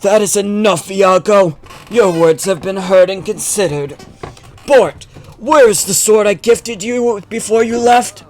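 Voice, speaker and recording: A man voicing a cold older tyrant king, booming and theatrical, reading game dialogue aloud. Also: measured pace, faint music behind. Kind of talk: game dialogue read-along.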